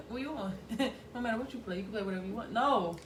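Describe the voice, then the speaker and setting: A woman's voice: on the high side, fast talker, slight background noise. A woman hosting a live mukbang, chatting casually and teasing her friend with crude jokes and frequent laughter. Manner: teasing, laughing often, profane banter. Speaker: mukbang host. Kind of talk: casual chat. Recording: echoey room with loud music.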